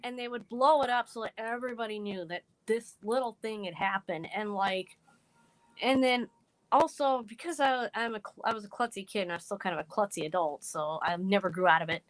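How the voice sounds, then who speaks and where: A woman's voice: mid-range voice, a little fast, no room sound, rough recording. A woman speaking as a guest on a live podcast, rambling earnestly with frequent "like". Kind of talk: casual live podcast chat.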